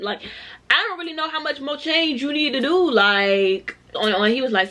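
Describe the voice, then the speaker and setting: Animated twenty-something woman telling a story. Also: mid-range voice, normal speed. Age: 20s. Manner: animated, slangy storytelling, addressing viewers. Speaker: vlogger. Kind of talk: storytime vlog.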